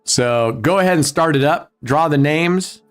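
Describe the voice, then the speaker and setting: Joking, profane man, live casino-stream host, low music under him. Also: measured pace. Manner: joking, profane, talks to chat viewers. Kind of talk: casual live-stream chat. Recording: faint music behind.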